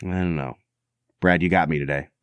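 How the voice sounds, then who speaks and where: A man's voice: sits low, fairly quick, clear, resonant tone, no echo. A man co-hosting a podcast, chatting casually and joking often. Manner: animated, jokey, laughs often. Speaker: podcast co-host.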